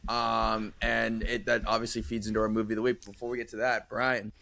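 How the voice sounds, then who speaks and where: A man's voice: fairly low pitch, level tone, a little fast, creaky, sharp tone. A man co-hosting a casual movie podcast, easygoing and hesitant, often restarting his sentences. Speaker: podcast co-host.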